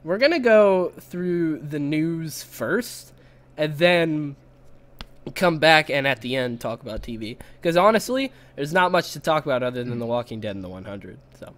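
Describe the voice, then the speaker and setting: A man's voice: a little high, lively intonation, normal speed, a bit bright. A young man hosting a casual podcast, rambling and giggling at himself as he talks. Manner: giggly, rambling, self-mocking. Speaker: podcast host.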